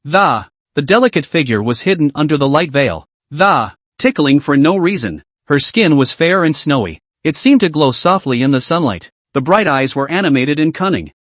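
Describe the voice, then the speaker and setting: Male recap narrator, lively delivery, dry and close. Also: fairly high pitch, moderate pace, few pauses, no echo. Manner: reads with small restarts.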